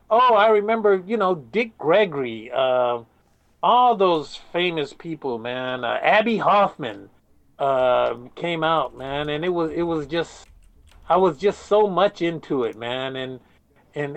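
A man's voice: a little high, fairly bright tone, no echo, lo-fi sound. Rambling older man telling stories. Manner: rambling, says "man" often, many restarts. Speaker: interviewee. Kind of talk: casual storytelling.

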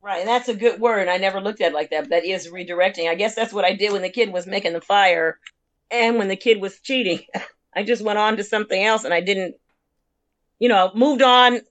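A woman's voice: mid-range voice, fairly quick. A woman in her sixties, a teacher, talking reflectively in a casual conversation, self-deprecating and often laughing.

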